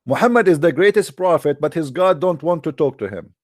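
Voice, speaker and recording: A man's voice: fairly high pitch, lively intonation, fairly quick, darkish tone, no echo, clean studio sound. A man delivering an argumentative monologue in non-native English, full of sarcasm and rhetorical questions aimed at his listeners. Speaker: presenter of religious debate videos.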